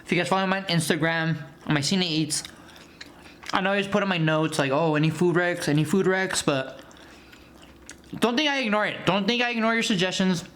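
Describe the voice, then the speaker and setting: A man's voice: high-pitched, fairly quick, long pauses, bright, forceful tone. A man hosting a casual food vlog, chatting to his viewers between bites and then reviewing a movie. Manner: chatty, talks to viewers as "guys" while eating; eats between lines with food noises.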